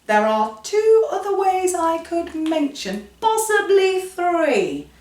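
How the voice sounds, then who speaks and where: Her voice is extremely high and she takes her time, teaching kids phonics through animated little stories about each letter's sound. The recording is echoey, with her sitting far off-mic.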